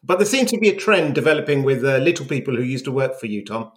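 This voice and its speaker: A man's voice: mid-range voice, sing-song, fast. A man co-hosting a podcast, in wry, teasing casual chat. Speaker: podcast co-host.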